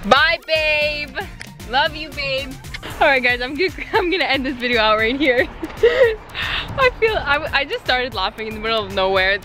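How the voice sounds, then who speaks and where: A woman's voice: sits high, animated, moderate pace, sharp tone, faint music behind. A young woman in a parked car, playfully teasing and pranking her boyfriend with a giggly, mischievous manner. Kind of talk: casual prank vlog chat.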